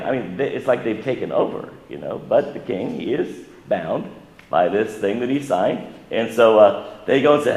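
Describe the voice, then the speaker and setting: A man preaching a sermon to his congregation in a conversational way, asking them questions and building up in pitch and volume for emphasis. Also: animated, brisk. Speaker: pastor. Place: church sanctuary. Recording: echoey church hall.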